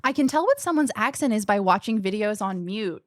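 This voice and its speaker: A woman's voice: medium pitch, fairly quick, dry recording. Woman streamer rambling to chat, bouncy voice all over the place, dry close sound. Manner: animated, rambling, restarts sentences often. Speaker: gaming streamer. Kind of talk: casual chat with viewers during a stream.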